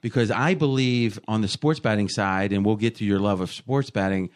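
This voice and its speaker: A male interviewer with a fairly low voice who leads into his questions with chatty setups. He keeps the talk moving and lays out his topics before he asks. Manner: quick, conversational questions with setups. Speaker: interviewer, show host.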